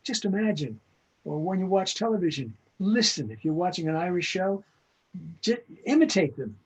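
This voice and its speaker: A man's voice: sits high, sing-song, normal speed, slightly rough, low-quality recording. An older man, a veteran voice actor, giving blunt, emphatic advice as an interview guest over a video call.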